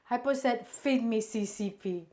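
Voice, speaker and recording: A woman's voice: a little high, measured pace, warm tone. A woman hosting a casual cooking stream, chatting and reading viewer comments aloud in a bubbly way.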